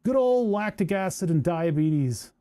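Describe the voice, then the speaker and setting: Man, a touch high, mellow tone, thinks aloud as he solders, casual streamer. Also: expressive, measured pace. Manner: muttering to himself while working. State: hand cramps. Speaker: maker streaming a build. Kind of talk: casual workbench chat.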